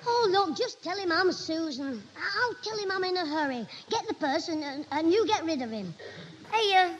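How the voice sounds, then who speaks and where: Brief: wisecracking young lad, very high piping voice, hissy old radio recording. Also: female voice, expressive, moderate pace, poor audio. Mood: cheeky. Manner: cheeky, wisecracking. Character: cheeky scheming young boy. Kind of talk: 1950s radio sitcom acting.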